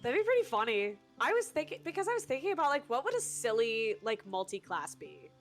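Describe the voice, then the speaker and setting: A woman's voice: fairly high pitch, big pitch swings, fairly quick, faint music behind. A woman live-streaming a co-op game, chatting casually and rambling with lots of fillers and restarts.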